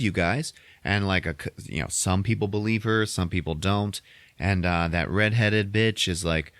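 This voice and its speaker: A man casually recapping a movie on a podcast, swearing constantly and acting out the characters in quick voices. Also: deep voice, a bit bright, no echo, studio quality.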